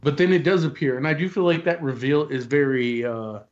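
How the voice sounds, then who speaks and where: A man's voice: a little high, steady tone, fairly quick, lo-fi sound. Man chatting loosely on a podcast. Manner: conversational, reminiscing, loose. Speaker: podcast co-host. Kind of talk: casual movie review chat.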